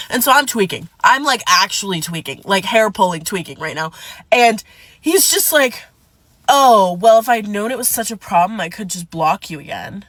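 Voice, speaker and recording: A woman's voice: mid-range voice, animated, normal speed, fairly bright tone, no echo. A woman telling a casual storytime to her viewers, dramatic and full of swearing. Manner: dramatic, profane, addresses viewers as "divas".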